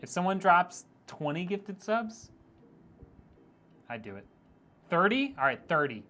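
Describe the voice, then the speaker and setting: A man's voice: high voice, very animated, a little slow, pushed and bright. A man streaming a PC build, chatting casually and teasing viewers as he reads their messages, with frequent laughs. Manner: joking, teasing, laughs often.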